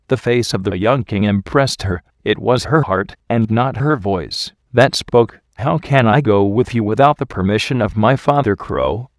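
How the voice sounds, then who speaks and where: A man narrating a folk tale in a measured, even storytelling manner. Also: on the low side, dry recording, clean studio sound. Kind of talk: storybook reading.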